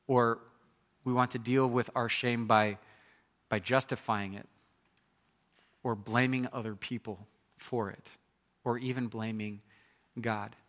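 A man delivering a sermon, earnest and full of searching questions. His voice is bright and forward, at a middle pitch. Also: steady tone, takes it slowly, long pauses. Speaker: pastor.

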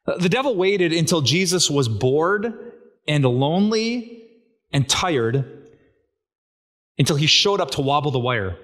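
A man's voice: a little high, very animated, a little slow, long pauses, fairly bright tone. A man preaching a sermon as a pastor, talking in a casual, conversational way and asking his listeners rhetorical questions.

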